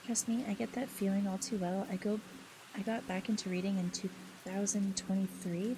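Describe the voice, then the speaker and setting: A woman streamer chatting casually with her viewers, reading their messages aloud in a soft, affectionate, giggly way. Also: mid-range voice, noisy background.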